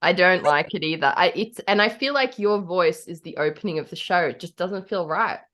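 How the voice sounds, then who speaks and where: A woman's voice: lowish voice, moderate pace, fairly bright tone. A woman with an Australian accent, co-hosting a podcast in casual, giggly, teasing chat. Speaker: podcast co-host.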